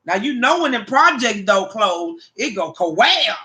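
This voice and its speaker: Bright-voiced woman telling profane stories. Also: on the high side, normal speed. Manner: profane, animated storytelling; addresses viewers by name. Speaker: livestream host. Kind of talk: casual chat to viewers.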